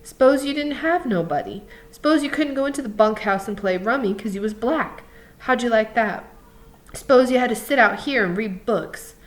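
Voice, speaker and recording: A woman reading aloud, voicing a bitter, lonely older stable hand in a slow, brooding drawl. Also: on the high side, expressive, voice pushed up, lightly acted.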